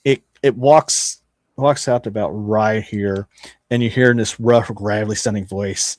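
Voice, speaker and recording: A man's voice: lowish voice, fairly even intonation, a little slow, darkish tone, dry recording. Male game master, casual rambling narration, dry recording. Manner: casual, rambling, with frequent restarts.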